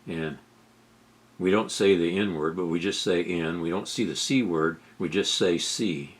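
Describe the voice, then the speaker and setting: A middle-aged man giving sarcastic political commentary over video clips, incredulous and rising to loud outbursts. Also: low voice, measured pace. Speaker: commentary host.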